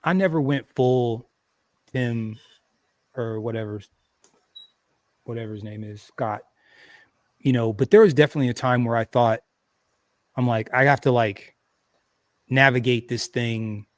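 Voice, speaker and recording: A man hosting a casual livestream, rambling along in plain conversation. He doubles back and restarts his sentences often, at a middling pitch. The sound is close and dry, with little room around it. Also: unhurried, pauses often, no room sound. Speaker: livestream host.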